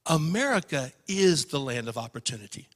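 A man preaching a sermon in a church, telling an emotional story and swinging from loud passages to hushed ones. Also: on the high side, sing-song, brisk, long reverb tail. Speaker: pastor.

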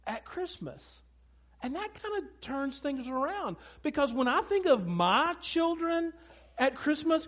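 A man preaching a sermon to a congregation from a church stage. He tells funny family stories and talks directly to the crowd. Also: extremely high pitch. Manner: animated, humorous storyteller who talks to the congregation. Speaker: pastor.

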